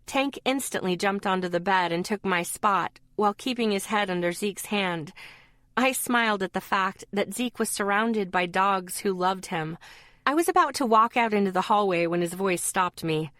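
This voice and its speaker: A woman reading a fantasy audiobook as a first-person narrator in an even, storytelling manner. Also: mid-range voice, normal speed, dry recording, clean studio sound.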